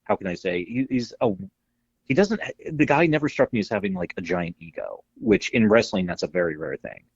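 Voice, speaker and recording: A man co-hosting a podcast, telling stories in casual chat, animated and swearing freely. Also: low-pitched, a little fast, creaky, slightly rough, no echo, muffled recording. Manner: animated storyteller, acts out quotes, swears freely. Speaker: podcast co-host.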